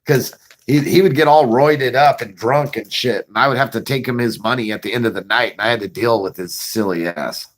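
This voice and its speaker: A man's voice: medium pitch, brisk. A man spins a casual, profanity-laced yarn on his own show. He laughs as he goes and acts out what happened, with a voice in the middle of the usual male range. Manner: profane, laughing, animated retelling. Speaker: vlogger. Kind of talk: casual storytelling.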